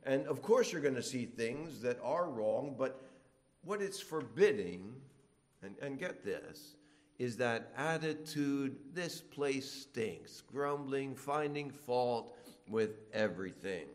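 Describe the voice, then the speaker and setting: A middle-aged man preaching a sermon, animated, acting out complainers in whiny voices. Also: mid-range voice, slow pace.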